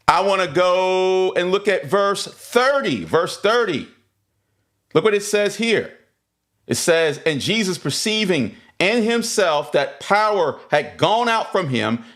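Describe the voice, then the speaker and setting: Lively man teaching a Bible study. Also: sits high. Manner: reads scripture aloud, then explains with repeated emphasis; greets viewers in the chat mid-lesson.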